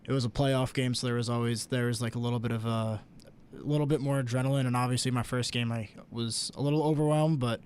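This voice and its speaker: A young man, a college radio sports director, talking casually in a measured way with frequent fillers. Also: mid-range voice, slight background noise. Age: young adult. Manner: even, measured, hesitant fillers.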